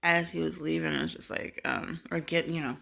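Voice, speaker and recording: A woman's voice: low-pitched, steady tone, fairly quick, gravelly, fairly bright tone. A woman vlogger telling a story casually to camera, rambling with fillers and restarts and swearing freely.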